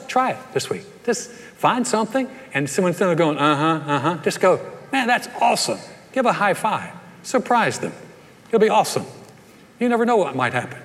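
A man's voice: on the high side, fairly bright tone. A man preaching a sermon as pastor, telling folksy stories and often repeating his words as he goes. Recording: reverberant church hall.

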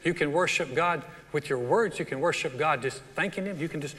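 Bright-voiced preacher in a reverberant hall. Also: male voice, fairly high pitch, fairly quick. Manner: animated preaching that acts out quoted voices of the congregation. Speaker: pastor. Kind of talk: sermon. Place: large church hall.

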